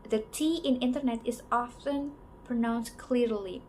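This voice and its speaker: Slow, halting young woman presenting a lesson. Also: on the high side, a little hiss or hum, low-quality recording. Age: young adult. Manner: slow, halting delivery with many pauses and "so" openers. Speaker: student presenter. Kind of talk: class presentation on English varieties.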